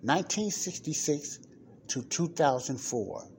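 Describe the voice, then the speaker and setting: A man's voice: on the high side, animated, measured pace, slight background noise. A man hosting a podcast, reading an article aloud in casual commentary and repeating the numbers for emphasis. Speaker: podcast host.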